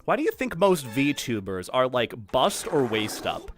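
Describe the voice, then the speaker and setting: A man's voice: mid-range voice, very animated, a little slow, soft background music. A man streaming as a VTuber, chatting playfully, chanting and yelping in mock confusion. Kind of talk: casual stream chat.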